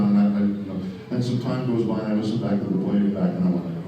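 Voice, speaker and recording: Male voice actor at a panel Q&A, dark mellow tone, candid and wry, heard from far off in a big echoey hall. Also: lowish voice, steady tone, a little fast, highs cut off, slight background noise. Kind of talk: panel Q&A storytelling.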